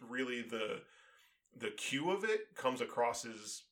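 A man's voice: medium pitch, big pitch swings, takes it slowly, fairly bright tone. A man in casual chat, talking in a rambling way and filling his sentences with "like" and "um". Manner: rambling, full of "like" and "um".

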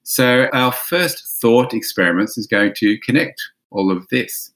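A man's voice: medium pitch, lively intonation, unhurried, a bit bright. A man co-hosting a podcast, playful and self-mocking, laughing often as he reads out quiz clues. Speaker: podcast co-host. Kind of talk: casual quiz chat.

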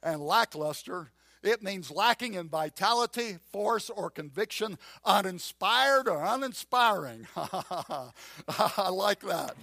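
A man preaches with rising emphasis, leaning hard on repeated phrases. His voice sits high and carries a gravelly edge. The sound is dry and close, with no room around it. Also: slow pace, no room sound. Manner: animated, emphatic preaching with repetition; acts out voices of a doubting listener and a drawling Gideon. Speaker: pastor. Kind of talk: sermon.

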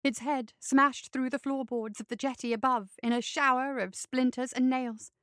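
Bright crisp woman reading a story. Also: sits high, fairly even intonation, moderate pace, no room sound, studio quality. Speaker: narrator.

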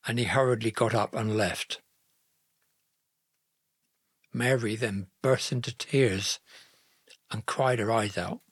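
A man narrating a Bible story in a slow, gentle, earnest reading style. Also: fairly low pitch, slightly rough, dry recording, clean studio sound.

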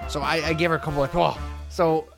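A man's voice: a little high, very fast, faint music behind. A man in his thirties, a podcast co-host telling a story in casual chat, acting out what people said. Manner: animated, acts out quoted lines in a raised voice.

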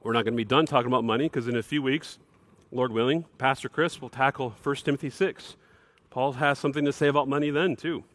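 A man's voice: fairly even intonation, fast talker, a bit bright, dry recording. Man preaching emphatically, dry close sound. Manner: emphatic preaching, rising to bursts of higher pitch. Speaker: pastor. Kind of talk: sermon.

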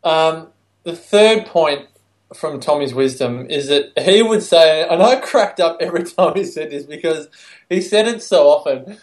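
Chatty man, fairly high voice. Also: expressive, a little slow. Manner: warm storytelling, laughs while speaking. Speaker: podcast co-host. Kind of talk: casual podcast chat.

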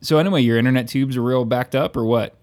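A man's voice: mid-range voice, fast talker, darkish tone. A man co-hosting a podcast over a remote call, teasing dryly with lots of hesitant fillers. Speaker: podcast co-host. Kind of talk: casual podcast chat.

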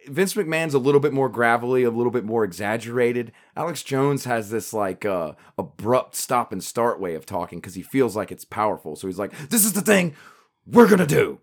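Chatty Southern US man co-hosting. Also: mid-range voice. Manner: chatty, rambling with restarts and laughs. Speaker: podcast co-host. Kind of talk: casual chat.

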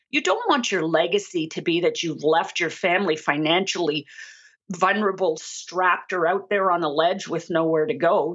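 A woman's voice: medium pitch, fairly bright tone. A woman coaching financial advisors, telling stories in an earnest, chatty way and acting out the dialogue she quotes. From Canada. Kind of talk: conversational storytelling. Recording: muffled lo-fi audio.

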